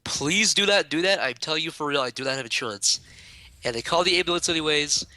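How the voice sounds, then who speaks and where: Fast-talking bright young man. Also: on the high side, no room sound. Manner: rambling, exasperated anecdote with acted quotes. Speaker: streamer. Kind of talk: casual storytelling.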